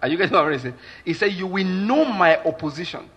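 A man's voice: sits high, animated, quick pace, fairly bright tone, breathy edge, highs cut off. A man with a Nigerian accent preaching a sermon as a pastor, emphatic and repeatedly checking that listeners follow his point, with Pidgin asides.

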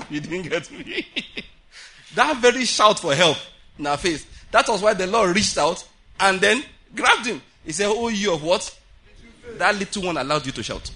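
A man preaches at a prayer meeting in a high, bright voice with a husky grain. He is animated, laughs often, and acts out the voices he quotes. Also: measured pace. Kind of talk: sermon.

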